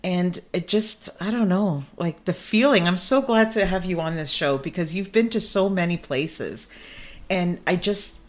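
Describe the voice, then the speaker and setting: A woman's voice: lowish voice, unhurried. A woman hosting a video-call interview, chatty and effusive, who laughs easily. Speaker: podcast host. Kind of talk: casual interview.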